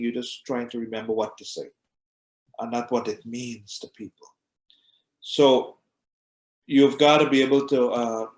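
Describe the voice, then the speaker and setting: A man, an imam, teaching a class in a conversational way, often repeating words as he goes and acting out short examples. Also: medium pitch. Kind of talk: conversational lecture. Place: mosque classroom. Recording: echoey room.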